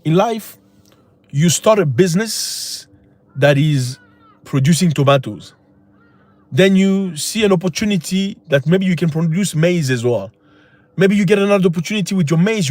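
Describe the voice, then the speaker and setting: Man, high voice, dry close sound, preachy, impassioned, rhetorical questions, livestream host. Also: lively intonation, moderate pace, darkish tone, dry recording. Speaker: channel host. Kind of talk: livestream talk.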